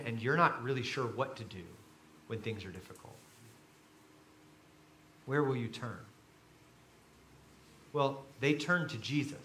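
A man preaching a sermon to a room full of listeners, swinging between quiet reflection and loud emphasis as he acts out quoted voices. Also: mid-range voice, roomy sound, a little hiss or hum. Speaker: pastor. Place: large room with an audience.

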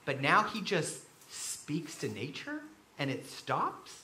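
A man preaching a sermon as pastor, telling stories with animated, sudden loud bursts. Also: a little high, slow pace, roomy sound, a little hiss or hum. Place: church.

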